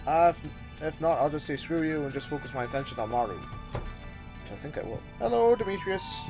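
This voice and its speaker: Animated man grumbling through gameplay. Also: a little high, brisk, over music. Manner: exasperated, theatrical grumbling and mock insults. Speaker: gameplay commentator. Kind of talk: casual gameplay commentary.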